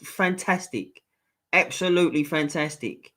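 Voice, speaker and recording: A man hosts a live stream and reads viewer comments aloud. His voice sits a little high and sounds bright and forceful. He banters bluntly with the chat and swears freely. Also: expressive, normal speed, a little hiss or hum.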